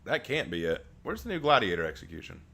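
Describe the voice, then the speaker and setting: A male streamer talks in a bright, ringing voice that swings up and down as he chats with his viewers live. He jokes around, laughs a lot and stumbles over words as he restarts them. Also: sits low, big pitch swings, quick pace, gravelly. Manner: chatty, joking, laughs often, restarts words. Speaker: streamer reacting live and reading chat. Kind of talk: casual live-stream chat.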